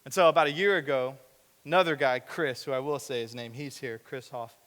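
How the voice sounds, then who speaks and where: Bright-voiced young pastor in a reverberant hall. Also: male voice, medium pitch, brisk. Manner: conversational preaching with acted asides, rhetorical questions. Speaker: young adult ministry director. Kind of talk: sermon to a young adult group. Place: church hall.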